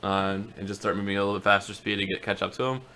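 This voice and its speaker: Bright, hesitant male player. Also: fairly low pitch, fairly even intonation, rapid-fire, slight background noise. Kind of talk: tabletop game chat.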